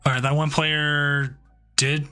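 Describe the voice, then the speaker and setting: Bright-voiced man casting a card game. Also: a little high, takes it slowly, soft background music. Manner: relaxed, joking, with filler words and restarts. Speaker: tournament stream host and commentator. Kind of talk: casual live game commentary.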